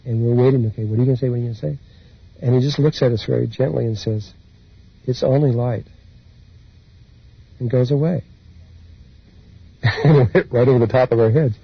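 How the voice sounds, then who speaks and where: A man speaking as a spiritual teacher, telling his personal experiences in an unhurried, meandering way with soft laughs. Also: medium pitch, gravelly, husky, dry recording. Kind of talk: reflective personal storytelling talk. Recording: dull lo-fi recording.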